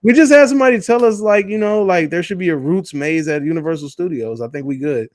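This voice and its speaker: A man's voice: high-pitched, fast, a little mellow, no room sound. A man co-hosting a casual live stream chat, loose and joking and cursing freely.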